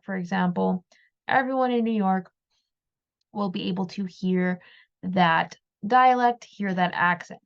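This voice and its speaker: A woman giving reflective opinion commentary, measured and thoughtful, sometimes repeating words as she thinks. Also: medium pitch, gravelly, muffled recording. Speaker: commentary video host.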